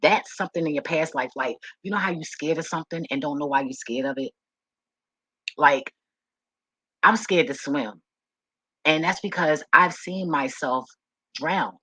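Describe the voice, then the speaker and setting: A woman's voice: deep voice, moderate pace, pauses often, bright, forceful tone, breathy edge, no room sound, poor audio. A woman vlogger telling personal stories straight to the camera, frank and full of swearing, who repeats words when she gets emotional. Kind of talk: candid personal storytelling to camera.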